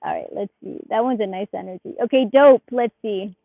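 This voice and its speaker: A woman giving a live tarot reading, murmuring softly as she shuffles and then chatting in animated bursts with lots of laughter. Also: mid-range voice, a little fast, gravelly, no room sound. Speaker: tarot reader. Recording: muffled phone-like sound.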